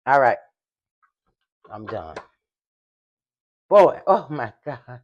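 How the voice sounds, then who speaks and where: An older woman chatting casually to viewers while baking in her home kitchen. She hums along as she works and sometimes gets loud in the microphone. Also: lowish voice, big pitch swings, extremely slow, long pauses, dull audio. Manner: loud at times, apologizes for yelling into the mic. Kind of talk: casual cooking vlog.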